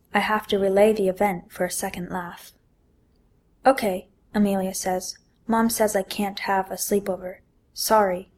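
Young woman reading her own story. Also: mid-range voice. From Ontario, Canada. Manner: lively, voices the dialogue with bright emphasis. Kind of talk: reading a first-person story aloud.

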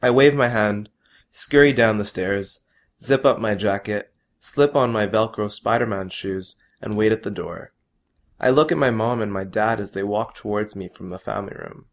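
A man reading his own first-person story aloud in a measured, plain way. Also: on the low side.

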